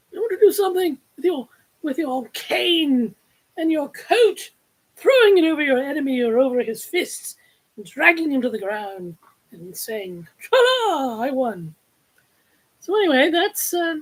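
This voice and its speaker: Woman author hosting a live book launch, chatty and playful, husky and high-pitched. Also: low-quality recording.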